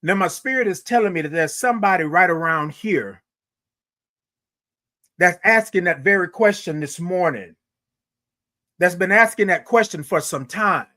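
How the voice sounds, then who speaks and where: High-voiced man preaching to his listeners. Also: animated, normal speed, pauses often, sharp tone. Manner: preacherly, addresses listeners as y'all, repeats phrases for emphasis. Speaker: morning show host. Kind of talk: motivational spoken monologue.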